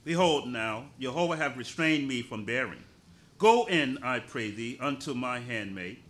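A man's voice: medium pitch, normal speed, a bit bright. A man reading scripture aloud to a congregation, carefully and steadily. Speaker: scripture reader.

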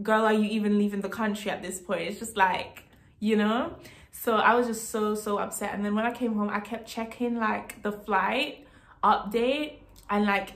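A woman from Jamaica telling a casual storytime vlog story, emphatic, repeating herself and laughing between lines. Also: medium pitch. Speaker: vlogger.

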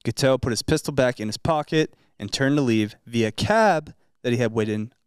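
A man's voice: mid-range voice, moderate pace, clear, resonant tone, no room sound. A man hosting a comedic history podcast, reading the story aloud and cutting in with dry asides. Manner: reads narration aloud, then cracks dry asides. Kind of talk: reading notes in casual chat.

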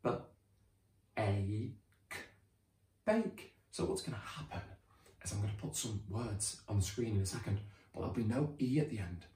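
A British man teaching a children's phonics lesson, sounding out words slowly and cheering the children on. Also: on the low side, echoey room. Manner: animated, drawn-out sounding out of words.

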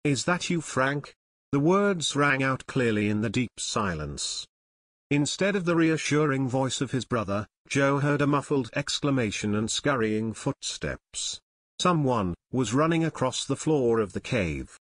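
A man narrating an unabridged audiobook in a steady, measured reading. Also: mid-range voice, no room sound, clean studio sound.

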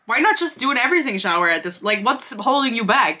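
A woman's voice: a little high, sing-song, fast, hardly any pauses, bright, forceful tone. A young woman at her bedroom desk, giving a sarcastic book review with swearing and laughing asides. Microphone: desk camera.

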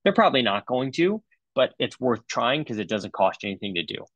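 A man's voice: medium pitch, big pitch swings, brisk, a bit bright, dry recording, lo-fi sound. A middle-aged man, a dentist, giving a comedic webinar talk in a sarcastic, joking way with loose fillers.

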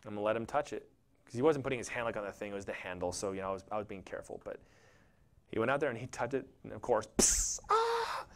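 A man's voice: on the low side, very fast. A man pastor preaching a sermon in a conversational, jokey storytelling way, acting out quotes in little voices. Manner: animated, acts out quotes and voices.

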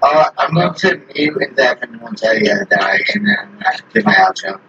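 A man's voice: high-pitched, expressive, normal speed, vocal fry, bright, forceful tone, slightly rough. A man chatting casually while playing an online game, joking and mocking himself. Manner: joking, self-mocking, laughs often. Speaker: gamer. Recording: distant lo-fi mic with faint hiss.

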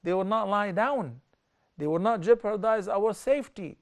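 A middle-aged man explains scripture in a televised religious lesson. His voice sits a little high. He talks earnestly and lifts sharply in pitch and volume to stress his points. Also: moderate pace. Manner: lively, with sharp rises in pitch and loudness for stress. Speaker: religious teacher.

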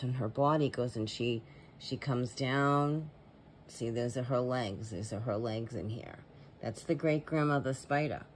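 A man's voice: medium pitch, a little hiss or hum. A man in a casual vlog voice-over, talking in an earnest, rambling way as a paranormal vlogger.

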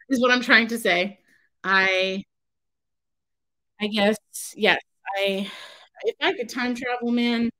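A woman's voice: a little high, bright, forceful tone, poor audio. A woman crafter on her own channel, talking casually in a rambling, exasperated, self-interrupting way from home. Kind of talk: casual vlog rant.

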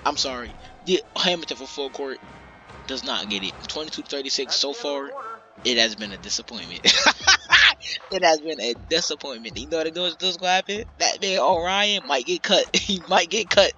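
A young man giving casual, excitable play-by-play commentary on a basketball game, swearing and trash-talking the players. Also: on the high side, brisk. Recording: slightly muffled lo-fi audio, faint background noise.

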